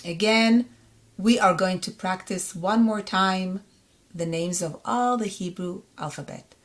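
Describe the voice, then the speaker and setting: Slow-paced woman teaching Hebrew reading. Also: medium pitch. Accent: Israeli. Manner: sounds out syllables slowly and repeats words. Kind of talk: slow, patient reading lesson.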